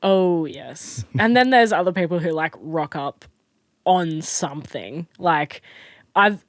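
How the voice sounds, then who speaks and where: Chatty young Australian woman, lively pitch. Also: slow pace, dry recording, studio quality. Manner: chatty, animated storyteller with frequent fillers and restarts. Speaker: podcast guest. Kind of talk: casual chat.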